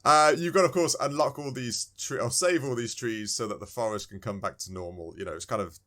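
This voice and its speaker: A man co-hosting a podcast, talking about a game in a rambling, animated way, searching for words and chuckling often. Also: medium pitch, a little fast. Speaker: podcast co-host. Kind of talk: casual game discussion.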